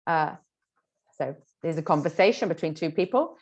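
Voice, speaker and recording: A woman's voice: low-pitched, expressive, normal speed, darkish tone, lo-fi sound. A woman teacher giving exam tips in a chatty way, explaining through examples with frequent fillers. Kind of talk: exam tips lesson to camera.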